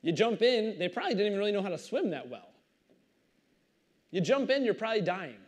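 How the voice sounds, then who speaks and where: A male pastor reading scripture aloud and commenting on it in a conversational, animated storytelling way. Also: sits high, brisk.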